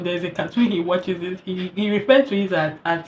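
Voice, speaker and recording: A young woman with a Nigerian English accent, telling a personal story in an earnest, heartfelt vlog, repeating herself and pausing with fillers. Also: lowish voice, a little hiss or hum. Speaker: vlogger sharing a personal story. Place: hot indoor room.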